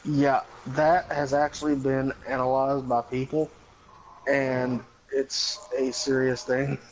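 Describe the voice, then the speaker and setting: A man's voice: medium pitch, flat delivery, takes it slowly, a little hiss or hum, poor audio. Blunt, profane man in stream banter. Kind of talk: casual chat while gaming.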